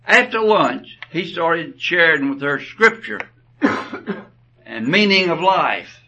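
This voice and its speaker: A man preaching a sermon, telling stories slowly and deliberately, his phrases often trailing off softly. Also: fairly high pitch, expressive. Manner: slow, deliberate storytelling with soft trailing phrases. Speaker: pastor. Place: church. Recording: dull, distant church recording.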